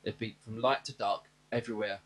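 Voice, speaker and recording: A man's voice: lowish voice, steady tone, fairly quick, fairly bright tone. A man co-hosting a casual chat, wryly retelling a film's scenes in detail. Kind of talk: casual film recap chat.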